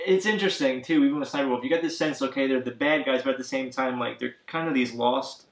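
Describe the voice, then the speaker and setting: A man's voice: medium pitch, fast talker. A man in casual podcast chat, rambling with lots of fillers as he recaps a video game plot. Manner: rambling, many fillers, acts out characters' lines. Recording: echoey room.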